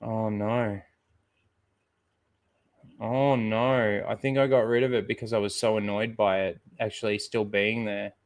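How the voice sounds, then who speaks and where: A man's voice: fairly low pitch, flat delivery, a little slow, long pauses. A man hosting a livestream in casual chat, swearing freely and rambling as he stalls for time. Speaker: livestream host.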